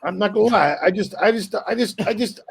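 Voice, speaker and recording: A man's voice: high-pitched, brisk, creaky, breathy edge. A man, a comedian guest, telling stories in casual podcast banter, swearing freely and voicing other people. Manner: profane, animated storytelling with voiced asides.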